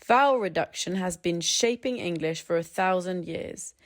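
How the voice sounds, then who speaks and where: Calm woman teaching pronunciation. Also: lowish voice. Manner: calm, measured, slows down to demonstrate sounds. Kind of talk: scripted tutorial narration.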